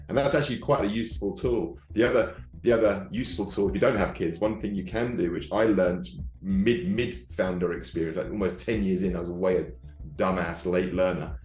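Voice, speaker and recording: Fast-talking low-voiced man in an echoey room. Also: fairly even intonation, darkish tone. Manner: reflective, candid. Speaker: startup founder guest. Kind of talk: casual podcast chat.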